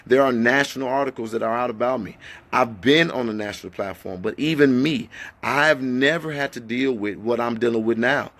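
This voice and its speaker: A man with a gravelly, mid-pitched voice speaks to his followers with fervor. He fires off rhetorical questions and at times drops to a hushed tone. He is talking in an echoey indoor space. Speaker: activist addressing followers. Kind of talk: impassioned livestream talk.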